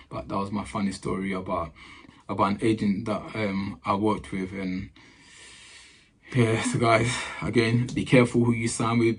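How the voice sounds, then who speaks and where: A man's voice: fairly low pitch, husky. A man, a footballer casually telling a story to camera in slangy talk, often repeating his phrases.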